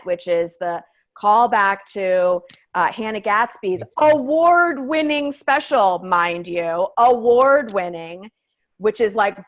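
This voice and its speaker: Swearing, animated woman comedian chatting. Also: mid-range voice, dull audio. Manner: animated, swearing, heavy use of "like". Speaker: stand-up comedian, guest. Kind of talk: casual interview storytelling.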